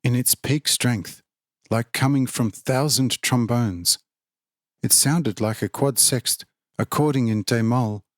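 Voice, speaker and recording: A man narrating a religious text in a steady, formal audiobook reading. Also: mid-range voice, takes it slowly, dry recording, clean studio sound.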